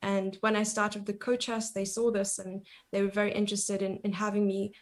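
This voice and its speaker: A woman from Africa, a chess coach chatting as a guest in a casual interview, upbeat and quick to laugh. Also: medium pitch, flat delivery. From South Africa.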